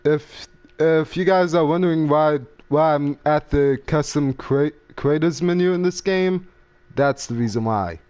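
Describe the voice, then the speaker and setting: A man's voice: on the high side, measured pace, darkish tone, smooth. A young man hosting a casual gaming podcast, rambling and trailing off while he browses game menus. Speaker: gaming channel host.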